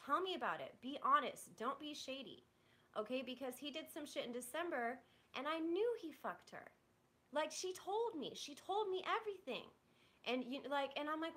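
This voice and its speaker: Frustrated and profane, a young woman streaming live unloads on her chat, peppering her talk with "like" and starting sentences over. She speaks at a moderate pace, her high voice bright and forceful with lively intonation.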